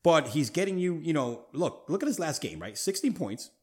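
A man's voice: on the high side, moderate pace, husky. A man hosting a casual sports talk podcast, emphatic and full of slang. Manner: animated, emphatic, street slang. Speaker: podcast host.

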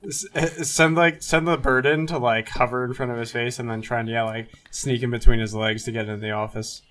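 A man's voice: mid-range voice, steady tone, fairly quick, a bit bright. A young man playing a tabletop game, hesitant and stumbling over his words. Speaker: player. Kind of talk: casual game chat.

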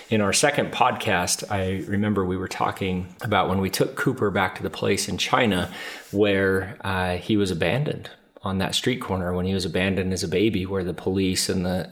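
A man with a very deep voice co-hosts a podcast. He speaks earnestly and at a measured pace, sometimes repeating words as he gathers his thoughts. He sounds like a father in his thirties reflecting on family. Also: fairly even intonation. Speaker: podcast co-host, adoptive father. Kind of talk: reflective conversation.

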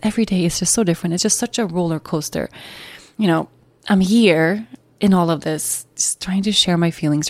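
A woman's voice: lowish voice, a little mellow, dry recording. A young woman and new mother candidly telling a personal story in a chatty, emotional way. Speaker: podcast host.

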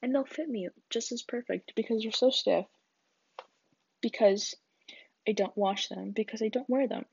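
Young woman chatting away solo, lots of likes and giggles, husky fry-y voice, kinda dull lo-fi sound. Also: fairly high pitch, normal speed, pauses often, a little mellow. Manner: rambling, giggly, filler-heavy. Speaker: podcast host. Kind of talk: casual solo chat. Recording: dull lo-fi recording.

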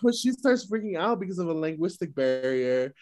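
A man co-hosting a casual podcast, telling a story about a friend in an animated, teasing way. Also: a little high, brisk. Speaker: podcast co-host. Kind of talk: casual chat.

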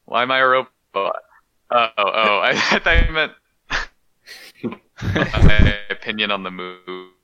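A young man co-hosting a casual movie podcast, making deadpan jokes. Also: on the low side, unhurried, pauses often, smooth, no echo. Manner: deadpan jokes, laughs at himself. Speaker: podcast co-host. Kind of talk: casual chat. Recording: dull, lo-fi sound.

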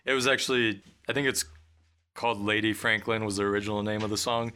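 A man co-hosting a podcast in casual chat, laid-back and quick to laugh. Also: lowish voice, fairly even intonation, pushed and bright, clear, resonant tone. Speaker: podcast co-host.

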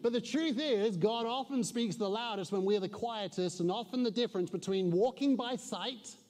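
A man preaching a sermon as pastor, telling stories and dropping to a hushed voice at tense points. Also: high voice, normal speed. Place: large church hall with a live congregation. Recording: long hall reverb.

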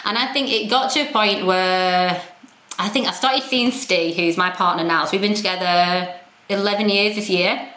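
A woman talks candidly as a podcast guest, frank and self-deprecating. She swears without a second thought. Her voice sits at a middling pitch and rings with the echo of the room. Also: moderate pace, sharp tone. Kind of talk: candid conversational storytelling. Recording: roomy echo.

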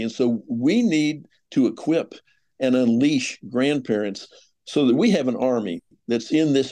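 A man's voice: medium pitch, warm tone. An older man appearing as a podcast guest over a remote call, speaking earnestly about grandparenting and faith. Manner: earnest, exhorting. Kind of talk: earnest ministry talk.

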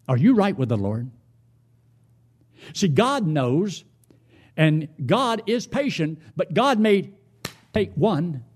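A man's voice: a little high, a little mellow, husky. A man preaching a sermon in a church, telling folksy stories and asking his congregation pointed questions.

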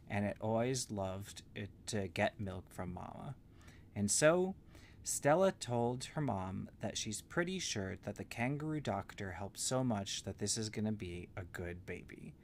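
A man telling an improvised bedtime story to a child in a gentle, meandering way with simple words. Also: on the low side, a little hiss or hum.

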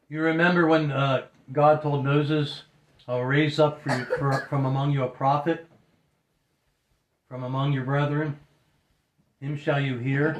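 Earnest male preacher in a roomy hall. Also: on the high side. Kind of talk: sermon.

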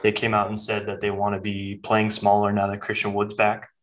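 A man's voice: on the low side, monotone, brisk, a bit bright, poor audio. A man co-hosting a podcast, chatting casually about sports in a laid-back, loose way. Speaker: podcast co-host.

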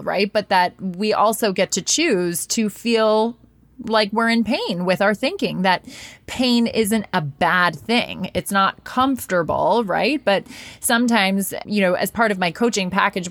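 A woman's voice: mid-range voice, a bit bright, dry recording. A woman life coach hosting a podcast interview, talking in a chatty coaching way and laughing often.

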